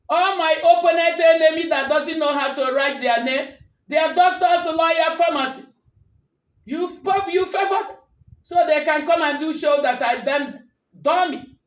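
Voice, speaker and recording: Shouting Nigerian woman, defiant rant. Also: high voice, roomy sound, low-quality recording. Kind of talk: angry rant to camera.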